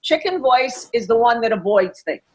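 Woman coach, middle-aged, somewhat high pitch, emphatic and blunt, salty language. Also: animated, low-quality recording. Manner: emphatic, blunt, swears freely; acts out inner voices in quick asides. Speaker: master coach, podcast guest. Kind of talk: coaching talk in a podcast interview.

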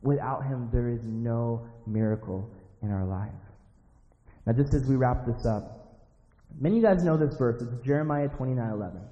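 A man's voice: medium pitch, moderate pace. A young man giving a sermon in a casual, emphatic, conversational way, full of "like" and vivid asides. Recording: dull sound in a reverberant hall.

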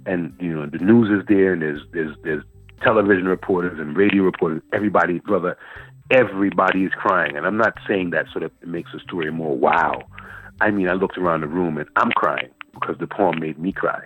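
A man, a guest poet telling a long story in an interview, animated and repeating words as he searches for them. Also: deep voice, a little fast. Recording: phone-line interview with faint music.

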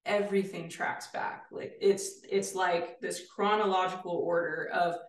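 A woman's voice: fairly low pitch, fairly even intonation, unhurried. A woman guest therapist explaining her work in an enthusiastic, explanatory way. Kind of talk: casual interview chat. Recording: roomy, distant mic.

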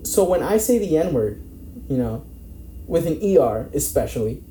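A man's voice: on the high side, very animated, moderate pace, warm tone. A man in casual discussion, talking in a rambling way, with many fillers and restarts and some swearing. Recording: echoey room with faint background noise.

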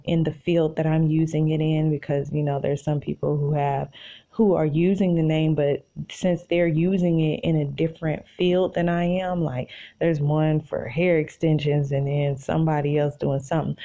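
Low gravelly woman, animated and rambling. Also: dull audio. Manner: animated, self-encouraging, rambling. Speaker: podcast host. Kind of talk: casual solo podcast monologue. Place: in bed at home.

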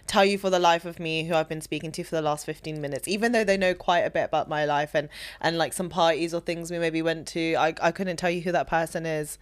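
A woman's voice: sits low, fairly even intonation, fast talker, few pauses. A woman co-host from the UK chatting casually, with playful teasing. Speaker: podcast co-host. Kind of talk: casual chat.

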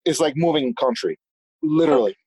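A man telling stories as a guest in a casual conversation, animated and talkative, often restarting his sentences. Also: on the high side, brisk, breathy edge, no room sound, rough recording. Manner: swears casually. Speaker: guest, business owner.

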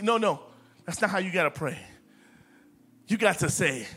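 A man preaching a sermon to his church, swinging between loud declarations and soft whispers and repeating words for emphasis. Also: high-pitched, sing-song, moderate pace, pauses often. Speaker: pastor.

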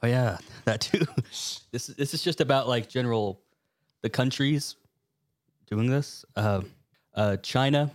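A man's voice: mid-range voice, measured pace, pauses often, dry recording, studio quality. A man co-hosting a casual podcast, telling stories in a laid-back, matter-of-fact way. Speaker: podcast co-host. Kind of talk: casual chat.

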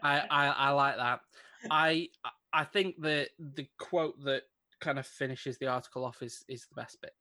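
Bright-voiced man reading a story, amused. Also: medium pitch, fairly even intonation, moderate pace. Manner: amused, laughing between lines, narrating the story. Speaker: podcast co-host. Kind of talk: casual comedic chat, reading out a news story.

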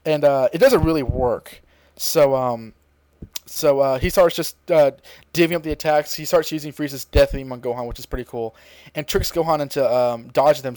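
A young man co-hosting a podcast, rambling through a casual episode recap and slipping into quick impressions of characters. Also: mid-range voice, a little mellow, no echo. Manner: rambling, mimics characters' lines in quick voices. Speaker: podcast co-host.

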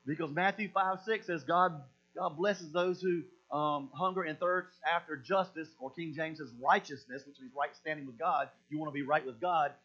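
A man's voice: a little high, normal speed. A man preaching a sermon as pastor, emphatic and repetitive, often doubling back on his words. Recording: dull lo-fi sound with mains hum.

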